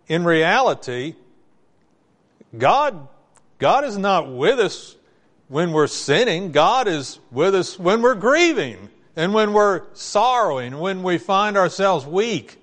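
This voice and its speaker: A man preaching a morning sermon, his voice sitting a little higher than most men's. He talks plainly and conversationally and keeps turning to the congregation with rhetorical questions. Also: a bit bright, long reverb tail. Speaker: pastor.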